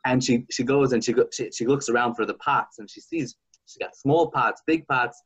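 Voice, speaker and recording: A man hosting a podcast, chatting casually and telling a folk story in an animated, halting way. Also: medium pitch, breathy edge, dull audio. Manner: animated, halting, with many restarts. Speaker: podcast host.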